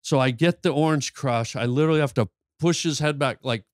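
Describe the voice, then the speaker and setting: A man telling a long story on a podcast, animated and full of stammered restarts. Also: medium pitch, a little fast, no room sound, studio quality. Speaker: podcast guest. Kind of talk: storytelling in casual chat.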